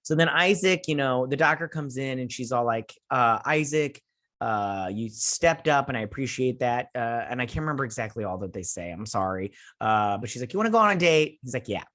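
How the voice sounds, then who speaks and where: A man's voice: medium pitch, lively intonation, brisk, fairly bright tone. Rambling man reviewing a show. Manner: rambling, restarts often with filler words. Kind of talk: casual spoken review.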